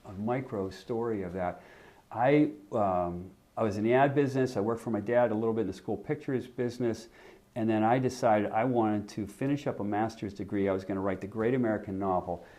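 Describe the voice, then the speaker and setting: A man in his sixties, a podcast guest, telling an animated anecdote in casual chat with frequent restarts. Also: on the low side, fairly quick. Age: 60s. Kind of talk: casual storytelling.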